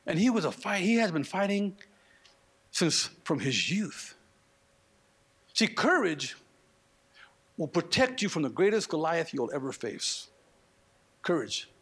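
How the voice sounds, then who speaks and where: A man preaching a sermon, animated, with slangy asides and acted-out quotes. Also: high-pitched, creaky. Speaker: pastor.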